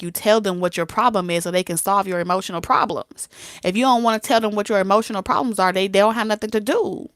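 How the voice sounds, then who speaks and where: A woman's voice: mid-range voice, no room sound, studio quality. A woman tarot reader talking casually, blunt and streetwise, who laughs often and acts out both sides of a conversation. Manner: laughs often and slips into soft whispers. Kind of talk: casual talk to camera.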